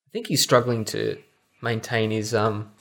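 A man's voice: lowish voice, fairly even intonation, moderate pace, creaky, noisy background. Wry man hosting a film chat. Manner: wry, musing questions to co-hosts. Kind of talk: casual film commentary chat.

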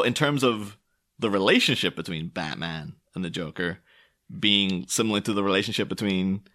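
Bright-voiced man musing on films. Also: on the low side. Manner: rambling, filler-heavy, animated quoted asides. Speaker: film commentator. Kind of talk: casual film analysis talk.

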